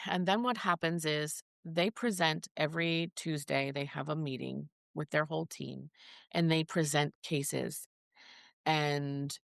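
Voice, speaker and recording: A podcast guest with a low, creaky voice shares her experience as the mother of a child with a rare disease. Her telling is earnest and casual, and she reenacts quoted dialogue. The studio sound is clean, with no echo.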